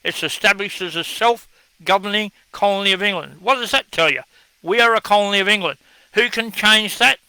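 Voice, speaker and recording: A man's voice: high voice, moderate pace, bright, forceful tone, clear, resonant tone, no echo, low-quality recording. An Australian man speaking in a blunt, scornful way, giving a combative monologue as he answers viewer comments.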